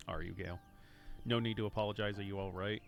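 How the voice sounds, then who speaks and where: Low-voiced man rambling while streaming a game. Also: fairly even intonation, fast, gravelly, faint music behind. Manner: rambling, thinking aloud with many fillers. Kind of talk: casual live-stream gameplay commentary.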